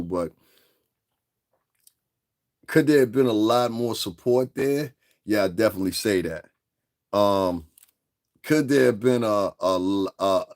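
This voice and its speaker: A man's voice: lowish voice, darkish tone. A middle-aged man hosting a livestream, talking in a boastful, profane casual rant and often laughing mid-sentence. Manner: boastful, profane, keeps asking "you understand what I'm saying". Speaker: livestream host.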